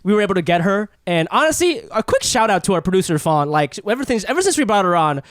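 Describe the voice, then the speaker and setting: A man co-hosting a podcast in casual chat, animated and laughing often, stammering as he restarts sentences. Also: high voice, quick pace, dry recording, studio quality. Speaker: podcast co-host.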